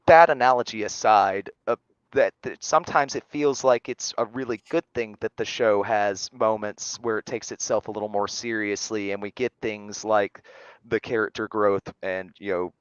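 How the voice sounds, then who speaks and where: Man, casual review chat, measured and analytical, dry close sound, slightly muffled. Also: fairly low pitch, clear, resonant tone, no room sound. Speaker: podcast co-host.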